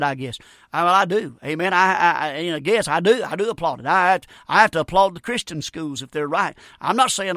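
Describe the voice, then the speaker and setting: A man's voice: high-pitched, fairly bright tone, no room sound, clean studio sound. A man preaching a fervent radio sermon, punctuating it with amens and stammering restarts. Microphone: broadcast radio mic.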